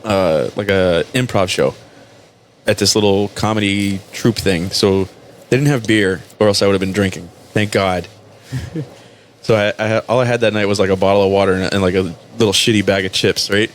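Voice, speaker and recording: A man's voice: fairly low pitch, fairly even intonation, moderate pace, a little hiss or hum. A man on a podcast mic telling profane stories in casual chat and acting out both sides of the dialogue. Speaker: podcast host.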